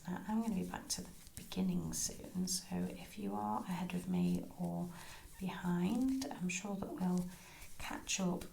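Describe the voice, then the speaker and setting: A woman teaching crochet step by step, chatty and soft, often murmuring her stitch counts. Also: lowish voice, creaky, a little hiss or hum. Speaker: crochet tutor. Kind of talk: step-by-step craft tutorial. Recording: echoey room.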